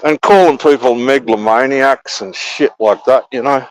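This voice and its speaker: A man's voice: mid-range voice, moderate pace, background noise. A man with an Australian accent, a guest on a livestream, chatting casually in a rambling, profane way that keeps repeating itself. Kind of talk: casual chat.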